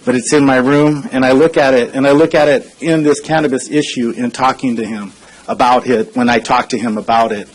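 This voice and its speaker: A man in his forties speaks at a council podium in an average-pitched voice. He talks in an earnest, conversational way, pausing on fillers as he tells a personal story. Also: steady tone, poor audio. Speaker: consultant speaking at public comment. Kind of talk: public comment speech, personal storytelling.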